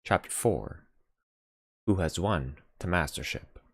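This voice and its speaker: A man reading a classic novel aloud as an audiobook narrator, in a measured, expressive way. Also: low-pitched, no echo, clean studio sound. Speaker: audiobook reader. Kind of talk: unhurried literary narration.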